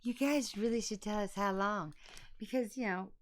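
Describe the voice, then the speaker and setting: A woman's voice: medium pitch, normal speed. A woman in her fifties hosting a casual board game unboxing, joking bawdily and laughing often. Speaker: host.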